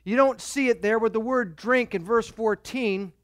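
Man, pastor, sermon, animated delivery, high voice, dry recording. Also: moderate pace, no echo. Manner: animated, acts out quoted voices.

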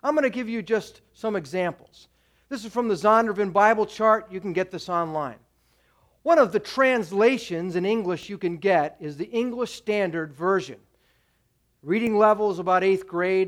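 A man's voice: sits high, moderate pace. A man preaching a sermon as pastor to his church, direct and exhorting, pressing his points with repeated commands.

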